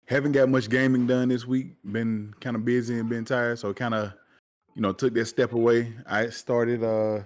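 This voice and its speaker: A tired man chatting casually as a podcast co-host, easygoing and relaxed. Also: mid-range voice, moderate pace.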